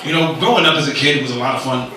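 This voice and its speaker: A man's voice: mid-range voice, racing, noisy background. A man in his forties from New York, doing loose, profane stand-up with asides to the crowd in a comedy club. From New York City, Dominican family. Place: comedy club stage, indoors. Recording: echoey club, mic from a distance.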